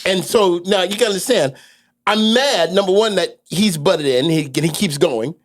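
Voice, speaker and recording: A man's voice: high voice, normal speed. A man from New York City, a podcast co-host, telling a rambling story full of restarts. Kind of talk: casual storytelling chat.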